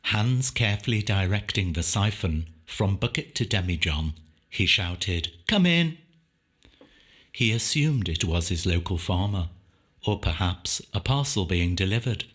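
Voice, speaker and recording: A man reading a short story aloud in a measured, reflective narration. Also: sits low, lively intonation, a bit bright, breathy edge.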